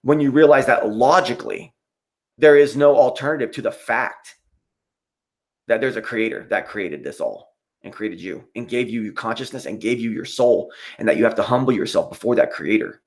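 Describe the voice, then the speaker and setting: A man's voice: medium pitch, moderate pace. A man hosting a live stream, ranting in a casual, preachy, profane way and getting worked up.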